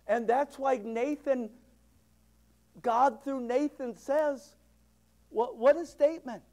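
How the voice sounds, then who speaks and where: High-voiced preacher man, emphatic. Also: slow. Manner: emphatic preaching, swings between loud declarations and hushed asides. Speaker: pastor. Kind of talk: sermon.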